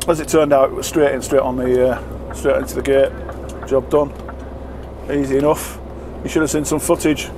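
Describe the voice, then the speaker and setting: A man, chatting in a rambling, self-mocking way while driving his truck. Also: a little high. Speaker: truck driver vlogger. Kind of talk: casual vlog chat while driving. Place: truck cab on the road. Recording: road noise in the cab.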